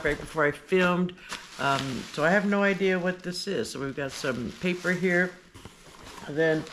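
A woman hosting a casual unboxing vlog, talking in a gushing, excitable way. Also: fairly low pitch, background noise. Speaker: vlogger host. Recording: paper crinkling and clicks behind.

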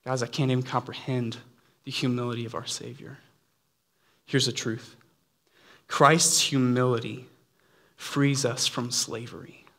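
Man, preacher, earnest sermon, conversational, playful asides, mid-pitched voice. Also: level tone, measured pace, pauses often, sharp tone.

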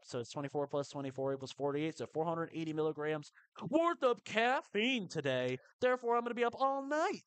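A man giving live commentary on his own gameplay, excitable and quick to burst into strings of repeated protests. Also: medium pitch, no echo. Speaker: live streamer.

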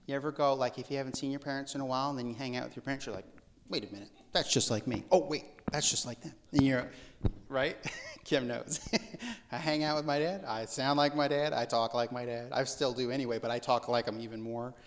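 A man's voice: mid-range voice, steady tone, brisk, a little hiss or hum. A man preaching a casual, conversational sermon in a church service, with joking asides and restarts. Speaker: pastor.

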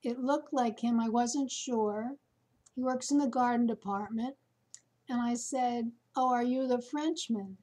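A woman chatting casually to her viewers, telling a story slowly with many fillers. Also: fairly high pitch, mellow. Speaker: vlogger. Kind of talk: casual chat to camera.

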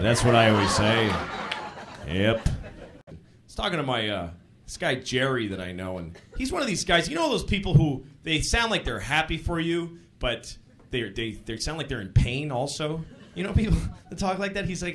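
A man performing a stand-up set on a live stage, talking conversationally with incredulous asides and sudden loud outbursts. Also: mid-range voice, sing-song, normal speed, slight background noise. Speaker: stand-up comedian.

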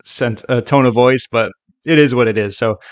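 Casual man explaining software, dry sound. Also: medium pitch, moderate pace, dry recording. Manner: relaxed, chatty, frequent "okay" and "right". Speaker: software tutorial host. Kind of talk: casual screen-recorded tutorial.

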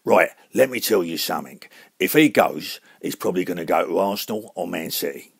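Man impersonating a deep, gravelly Cockney tough guy, growling threats. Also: lively intonation, no echo, studio quality, exaggerated voice. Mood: menacing. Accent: Cockney London. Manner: gruff, menacing, slow and low. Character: gruff tough-guy London actor, football-mad.

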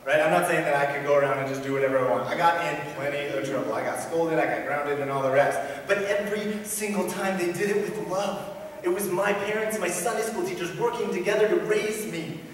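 Earnest preaching man in an echoey church. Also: a little high. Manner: earnest, emphatic, repeats key phrases, swings between loud and hushed. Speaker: pastor. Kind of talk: sermon. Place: church sanctuary. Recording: echoey church hall from far off, faint room noise.

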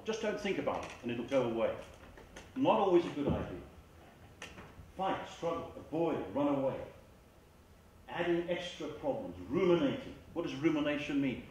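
Man, measured earnest lecture, mid-pitched, echoey room with faint ambient noise. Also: a little mellow. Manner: measured, earnest, repeats words as he speaks. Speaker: mindfulness therapist giving a lecture. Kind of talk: reflective public lecture. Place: large school hall. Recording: echoey hall, far from the mic, faint ambience.

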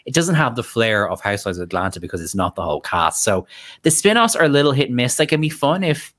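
Guy rambling casually on a podcast, lots of asides. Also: medium pitch. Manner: chatty, quick asides, lively impressions. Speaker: podcast guest.

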